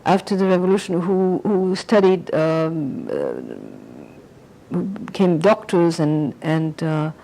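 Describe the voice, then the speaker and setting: A woman's voice: low voice, wildly swooping pitch, slow, gravelly, warm tone, poor audio. An older woman being interviewed, reminiscing in a rambling way and slipping into French phrases. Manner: rambling, anecdotal, slips into French.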